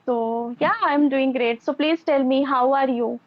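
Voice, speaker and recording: A woman's voice: sits high, fairly even intonation, unhurried. A woman, a guest in a casual conversation, upbeat and polite, fond of idioms. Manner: upbeat, uses idioms and polite formal phrasing. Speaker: podcast guest. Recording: dull, dry lo-fi sound.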